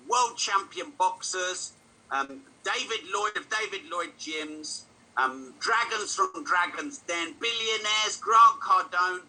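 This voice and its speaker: A middle-aged British man giving a live online talk, fast-talking and excitable, poking fun at himself. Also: high voice, rough recording. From United Kingdom. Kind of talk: energetic motivational talk.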